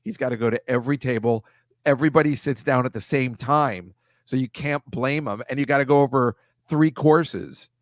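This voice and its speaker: A man co-hosting a casual comedy chat, friendly and rambling with quick laughs. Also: medium pitch, no echo, clean studio sound. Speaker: co-host.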